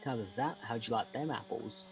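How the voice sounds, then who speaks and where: A man's voice: mid-range voice, normal speed, gravelly, slight background noise. A British man teasing his co-player with mock threats during an online farm game session. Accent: British English. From Britain. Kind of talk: casual gameplay banter.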